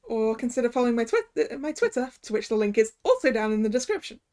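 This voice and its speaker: A woman's voice: a little high, big pitch swings, fast talker, mellow. A woman streamer chatting casually while playing through a game, reading its dialogue aloud. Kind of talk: casual game playthrough commentary.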